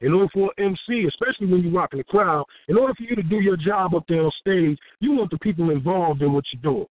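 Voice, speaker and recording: A man from Houston, a rapper, telling a story in a casual interview, profane and animated, acting out what people said. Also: high-pitched, fast talker. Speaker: rapper and guest. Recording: tinny phone-like dry sound.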